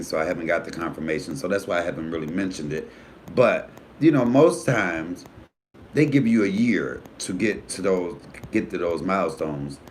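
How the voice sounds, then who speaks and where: Frank, animated male comedian live-streaming. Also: a little hiss or hum. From United States. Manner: animated storytelling, voice jumping high for quoted friends; profanity-laced, frank. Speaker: comedian and YouTube host. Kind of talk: casual live-stream chat.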